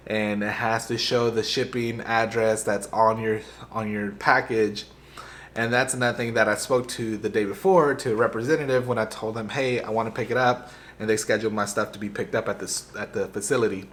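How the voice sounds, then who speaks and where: A young man vlogging, retelling a frustrating errand in a rambling, animated way with lots of fillers and restarts. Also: mid-range voice. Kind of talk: casual storytelling to camera.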